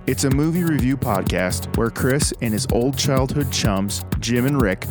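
A friendly, folksy announcer, as a host puts him on, pitching a show in a dropped, quieter voice. The delivery is warm and salesy. Faint music sits behind. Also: male voice, lightly acted. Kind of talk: promo read.

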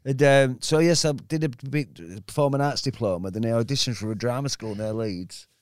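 A man's voice: medium pitch, normal speed, a little mellow, no room sound, clean studio sound. A man, a guest comedian telling rambling stories in casual podcast chat and acting out the other people in them. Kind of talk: casual storytelling.

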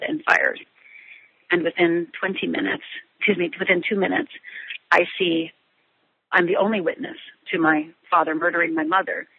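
A middle-aged woman being interviewed, telling her personal story in a halting way with many restarts and fillers. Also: fairly low pitch, creaky, husky. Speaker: guest. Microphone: phone line. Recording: tinny phone line.

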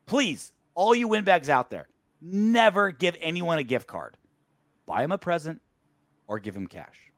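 Male podcast co-host, lively swooping delivery, crude jokes, dry close sound. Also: a little high, a little slow, pauses often, no room sound. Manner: animated, crude ranting. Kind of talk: casual sports podcast chat.

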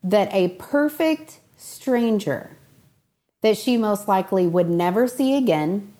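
A woman's voice: medium pitch, lively intonation, takes it slowly, mellow. A young woman, a guest on an interview podcast, telling a story earnestly and acting out the voices of the people in it. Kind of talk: casual conversational interview.

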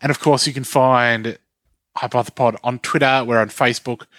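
A man hosting a podcast, with relaxed, sweary banter as he runs the show plugs. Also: medium pitch, normal speed, no room sound. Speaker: podcast host. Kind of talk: casual podcast chat.

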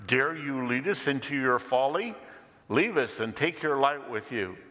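A pastor voicing a fearful, angry cave dweller who cries out shrilly. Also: male voice, mid-range voice, animated, a little slow, bright, forceful tone, big-room sound, pitched above the performer's own voice.

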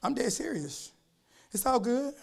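A man with a very high voice preaches a sermon. He repeats his phrases for weight and reads scripture slowly. His delivery swings between shouting and quiet intensity. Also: big pitch swings, gravelly. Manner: quotes scripture slowly and deliberately.

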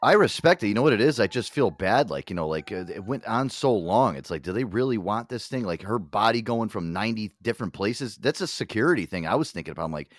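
A fast-talking American man hosting a loose podcast chat, his voice leaping up and down as he rants. He swears freely and laughs often. The sound is close and dry. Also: lowish voice, dry recording. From United States. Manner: animated, profane, laughs often. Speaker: podcast host. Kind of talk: casual chat.

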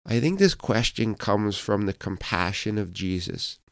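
A man's voice: on the low side, lively intonation, unhurried, vocal fry, no room sound, studio quality. A man pastor giving a devotional podcast sermon, earnest and personal, with fillers and restarts, telling a Bible story in quoted voices.

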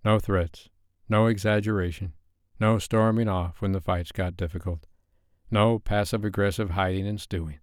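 Male audiobook narrator, deep, measured delivery, dry studio sound. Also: steady tone, smooth, no room sound.

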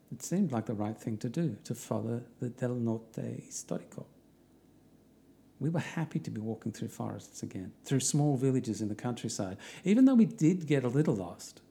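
A man's voice: mid-range voice, vocal fry, mellow. A middle-aged Australian man narrating a walking trip diary in an easygoing, wry way.

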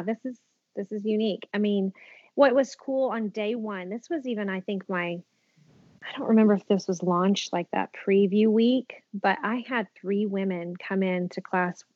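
Two sentences: A woman in her thirties tells stories on a podcast, animated and heartfelt, often restarting her sentences. Her voice is mid-pitched and close to the mic in a dry space, and the recording sounds a bit dull. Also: no echo. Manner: animated storyteller, many restarts and fillers. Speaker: podcast guest, wellness community founder. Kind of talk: casual interview chat. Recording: dull, slightly muffled podcast audio.

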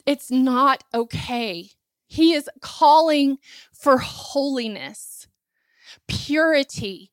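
A woman's voice: sits high, expressive, extremely slow, no echo. A woman preaching a sermon, full of rhetorical questions and emphatic repetition, building to impassioned peaks. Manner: impassioned, rising to near-shouting at climaxes.

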